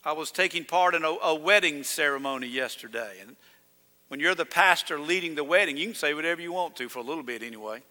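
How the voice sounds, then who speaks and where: A male pastor preaching a sermon in a folksy storytelling way, swinging between loud calls and hushed asides. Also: a little high, animated, quick pace, big-room sound.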